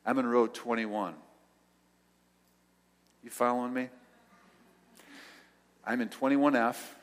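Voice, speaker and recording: An older male pastor telling a story in a sermon, acting out the dialogue and dropping to soft tones. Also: medium pitch, steady tone, takes it slowly. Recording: long hall reverb.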